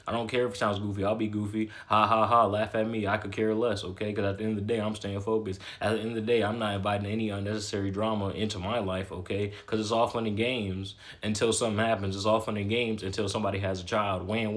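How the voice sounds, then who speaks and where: A man giving a blunt, slangy motivational talk, repeating himself and tagging lines with "okay?". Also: fairly low pitch. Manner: repetitive, emphatic, keeps adding "okay?". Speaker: motivational talker. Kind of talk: casual motivational monologue.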